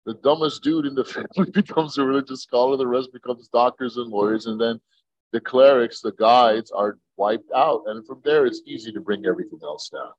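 A man from Egypt, a podcast guest, telling stories in a lively way, laughing and swearing freely. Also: medium pitch, a little fast, dry recording, lo-fi sound. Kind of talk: casual podcast chat.

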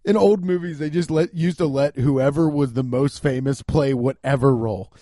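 A man with a fairly high voice hosts a podcast, his profane, animated riffing punctuated by laughter. He talks at a moderate pace, and the clean studio recording has no room sound.

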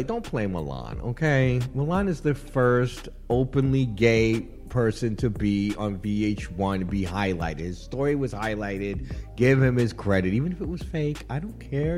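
Playful radio host man, lively pitch. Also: moderate pace, faint music behind. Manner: playful, laughing often, rambling asides. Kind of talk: casual radio chat.

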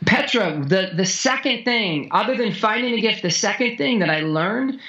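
A man coaching a guest in conversation, blunt and heavy on swearing, telling stories intensely with sudden jumps in pitch. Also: lively intonation, normal speed, pushed and bright, lo-fi sound.

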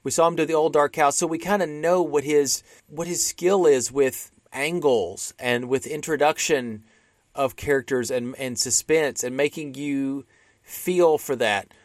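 A man's voice: a little high, measured pace, no echo, studio quality. A man co-hosting a podcast, chatting casually about classic films with many restarts and fillers. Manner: rambling with frequent restarts. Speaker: podcast co-host. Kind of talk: casual film discussion.

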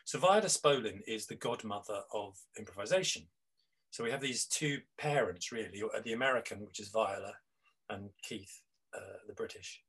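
A man's voice: lowish voice, normal speed, fairly bright tone, breathy edge, low-quality recording. A middle-aged man, a guest on an interview, talking reflectively with many restarts and fillers. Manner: rambling, with frequent restarts and fillers. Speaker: guest, improv teacher.

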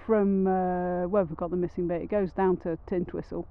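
A woman's voice: fairly low pitch, steady tone, moderate pace, smooth. A woman co-hosting a podcast, chatting in a rambling, wry, self-mocking way while sitting on a rock outdoors in the hills. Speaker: podcast co-host. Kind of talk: casual outdoor podcast chat. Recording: narrow phone-like sound with faint noise.

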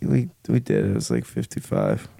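A playful man co-hosting a podcast, his pitch swinging up and down as he spins goofy ideas. He jokes freely in a casual chat, recorded close on a dry mic. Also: huge pitch swings, normal speed, gravelly, dark tone, no echo. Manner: playful, joking, riffs on ideas. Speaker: podcast co-host.

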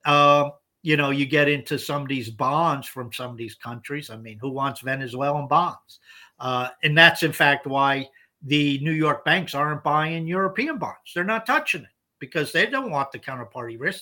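A man's voice: fairly high pitch, pushed and bright. A man co-hosting a casual podcast, explaining points emphatically and often repeating words as he restarts. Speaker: podcast co-host.

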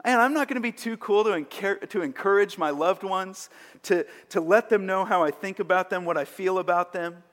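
A man's voice: sits high, a little fast, fairly bright tone. A man preaching a sermon as pastor, earnest and emphatic, with rising bursts of energy. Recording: long hall reverb.

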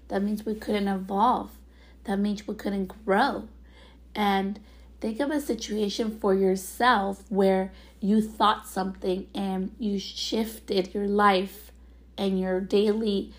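A woman hosts her own podcast from home, and her voice is raspy today. She talks in a loose, chatty, motivational way, full of fillers, at a middle pitch. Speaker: podcast host. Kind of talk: casual solo podcast monologue.

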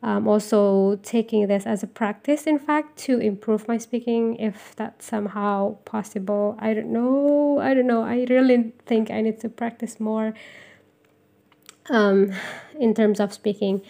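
A woman's voice: a little high, a little slow, gravelly, mellow. A young woman from Indonesia with an Indonesian accent, rambling through a self-deprecating solo podcast intro with lots of ums. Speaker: podcast host. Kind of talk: casual solo podcast monologue.

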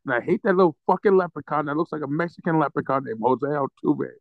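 A man's voice: a little high, quick pace, vocal fry, no room sound. A man co-hosting a sports podcast, ranting angrily and profanely with comic threats. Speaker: podcast co-host. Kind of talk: casual sports podcast rant. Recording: dull lo-fi, dry sound.

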